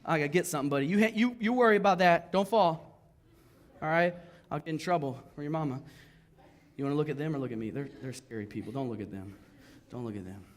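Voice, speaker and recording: A pastor preaching a sermon from a church stage to his congregation. He tells his stories in an animated, self-mocking way. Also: fairly high pitch, fast.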